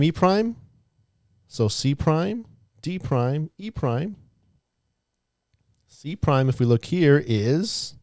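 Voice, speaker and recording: A man's voice: on the low side, a little mellow, no echo, clean studio sound. A man teaching a math class online, chatty and walking students through each step aloud.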